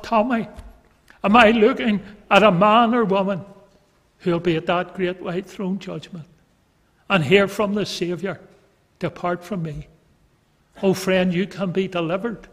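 Fervent high-voiced preacher in echoey hall. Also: male voice. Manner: fervent, rising and dropping in loudness. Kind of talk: sermon.

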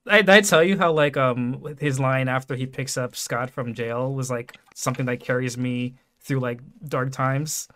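An excitable man from New York chatting on a podcast. His voice sits in a middle register and jumps around as he gets worked up. He talks loosely, swearing for emphasis. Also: mid-range voice, moderate pace, hardly any pauses. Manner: animated, excitable, swears casually. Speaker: podcast host. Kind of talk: casual chat.

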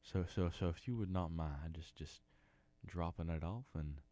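A man's voice: low voice, moderate pace, warm tone. A middle-aged man with a Southern US accent, hosting a podcast in a folksy, rambling, mock-earnest comedic monologue. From Arkansas. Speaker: podcast host.

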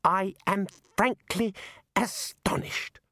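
Brief: man playing a nervous, exasperated young wizard, much higher than his own voice. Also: big pitch swings, normal speed, creaky, slightly rough, dry recording, studio quality, heavily acted. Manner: flustered, pleading and exasperated. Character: anxious young male wizard scholar. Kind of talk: audiobook character voice.

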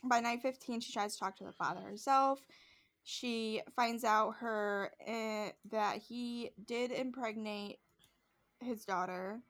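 A woman's voice: fairly high pitch, slow, fairly bright tone. A young woman co-hosting a podcast, casually retelling a show's plot with lots of filler and quoted voices. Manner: rambling retelling with many likes and quoted voices. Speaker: podcast co-host. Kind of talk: casual storytelling chat.

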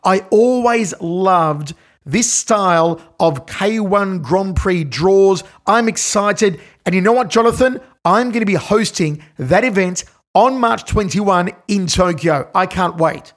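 A man's voice: high voice, takes it slowly. A man hosting a podcast, talking in an upbeat, enthusiastic way. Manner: upbeat, enthusiastic promo delivery. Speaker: podcast host. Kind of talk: casual podcast chat. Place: home studio in Melbourne.

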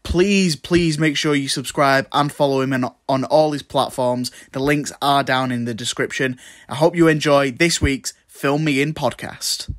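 A man's voice: medium pitch, fairly even intonation, moderate pace, hardly any pauses, no room sound, clean studio sound. A young man hosting a podcast in a bubbly, giggly way, often restarting his sentences. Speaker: podcast host.

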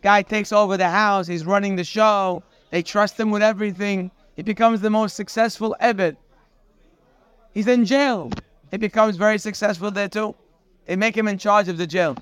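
A man giving a daily morning Torah class, telling the story in an animated way and dropping in Hebrew terms. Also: high-pitched, normal speed, clear, resonant tone, no echo. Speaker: Torah teacher.

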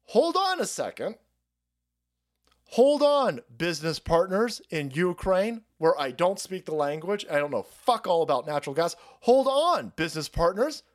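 A man's voice: fairly high pitch, moderate pace, hardly any pauses, lightly acted. A man doing a mocking impression of a grown son who takes his father's call during a business meeting, drawing out his words in a sing-song way. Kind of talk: mocking impression on a political stream.

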